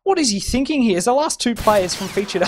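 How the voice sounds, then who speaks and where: A man doing live play-by-play commentary on a competitive shooter match, excitable and stumbling over repeated words. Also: very high-pitched, quick pace. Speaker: esports shoutcaster. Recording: noisy game audio underneath.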